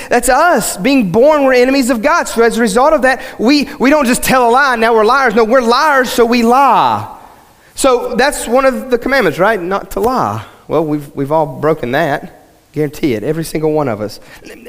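A male pastor giving a sermon, talking conversationally to the congregation and building to emphatic points. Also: fairly high pitch. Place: church sanctuary. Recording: long hall reverb.

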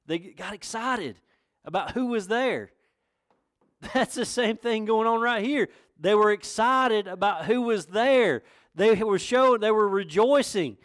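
A man's voice: high-pitched, lively intonation, measured pace, a bit bright, dry recording, studio quality. A man pastor from North Carolina with a Southern accent, preaching a sermon in a folksy, conversational way that rises to emphatic questions. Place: church.

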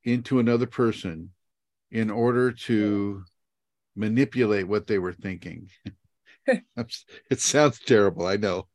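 Man, low voice, spiritual teacher, rambling, self-mocking, video call, dry sound. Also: a little slow, a little mellow, no echo. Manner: meandering, laughs at himself, many fillers.

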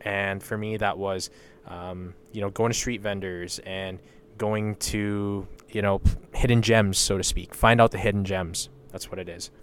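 Speaking at a measured pace with a lowish voice and fairly even intonation, this young western Canadian hosts a laid-back solo podcast. Slight background noise is audible as he rambles bluntly, curses freely, and peppers his talk with "you know" and "like."

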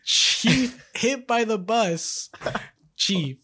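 A man's voice: very high voice, very slow, breathy edge. A man co-hosting a podcast, telling a story casually and acting out the quotes with laughter. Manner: animated, acts out quotes, laughs often. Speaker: podcast co-host.

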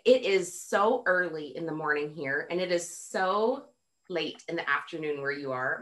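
A woman's voice: on the low side, fairly bright tone. A woman hosting a podcast interview, gushing and effusive, with a mixed Montana, Canadian and Midwestern accent. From North America. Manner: gushing, effusive, lots of exclamations. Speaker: podcast host.

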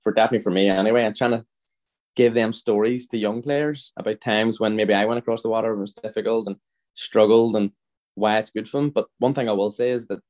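A footballer from Northern Ireland in his thirties, appearing as a podcast guest, speaks quickly in a low, slightly mellow voice with fairly even intonation. He tells rambling anecdotes, often restarting and checking in with "you know what I mean".

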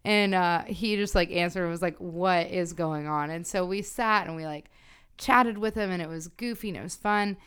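A woman's voice: mid-range voice, normal speed, a bit bright, smooth. A young woman co-hosting a podcast, telling personal stories in reflective casual chat. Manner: reflective storytelling, frequent "like". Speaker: podcast co-host.

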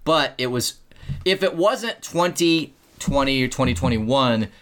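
A man's voice: mid-range voice, animated, measured pace, a bit bright. A man co-hosting a casual chat, joking dryly and restarting his sentences with hesitant fillers. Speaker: co-host.

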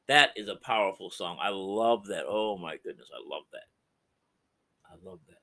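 Middle-aged male podcast preacher, low and forceful, impassioned, loud-to-hushed swings. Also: moderate pace, gravelly. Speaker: podcast host and Christian counselor. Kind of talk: preaching-style podcast talk.

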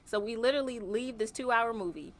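A woman's voice: on the high side, a little fast. A woman co-hosting a casual podcast, speaking bluntly and candidly about her own needs. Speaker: podcast co-host. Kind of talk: casual chat.

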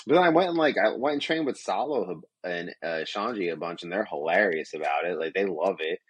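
A man's voice: low-pitched, animated, a little fast, breathy edge, no room sound. A young man hosting a casual podcast, rambling and profane. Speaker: podcast host.

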